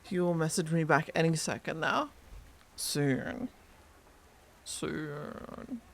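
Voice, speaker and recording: A man's voice: on the high side, animated, a little slow, slight background noise. A man streaming a game, chatting casually with a friend and teasing chat in a playful way.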